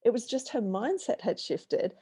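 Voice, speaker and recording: A middle-aged woman, a business mentor, talking as a guest on a podcast and telling lively stories. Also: fairly high pitch, moderate pace, slightly rough. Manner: animated storyteller, acts out voices in anecdotes. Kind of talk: conversational podcast interview.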